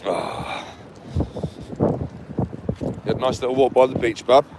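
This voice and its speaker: A man's voice: mid-range voice, steady tone, takes it slowly. A man in his forties vlogging outdoors on a windy seafront, talking in a goofy sing-song way in daft put-on accents. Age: 40s. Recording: heavy wind noise on mic.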